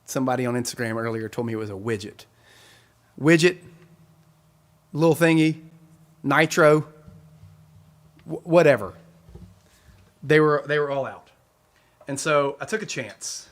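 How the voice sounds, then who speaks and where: A man's voice: medium pitch, unhurried, long pauses. A man hosting a weekly live concert stream, chatting casually and rambling with his viewers and laughing often.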